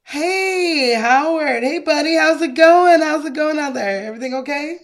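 A chirpy, overly friendly man, put on by a woman, talks with his mouth full of cookies. His voice sits high and sunny, and he sounds pushy and pleased with himself. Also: moderate pace. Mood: smug cheery.

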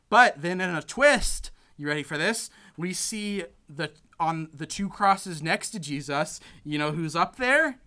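A man's voice: on the high side, unhurried, bright, forceful tone. A young man casually recapping a film plot, rambling with lots of "like" and "you know" and acting out the characters' lines. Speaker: podcast co-host recapping a film. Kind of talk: casual chat.

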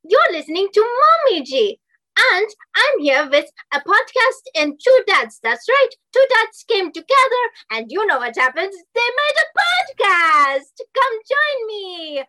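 A bouncy boy with a heavy german accent, high and bright, loud and sing-song, a woman doing the voice. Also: big pitch swings, measured pace, exaggerated voice, poor audio. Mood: exuberant. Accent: German (put on).

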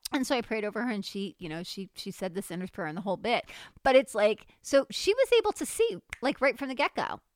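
A woman's voice: mid-range voice, quick pace, no room sound, clean studio sound. A woman chatting casually about faith experiences, telling stories animatedly and acting out dialogue with frequent laughs. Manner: animated storytelling, acts out quoted dialogue, laughs often. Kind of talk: casual faith testimony chat.

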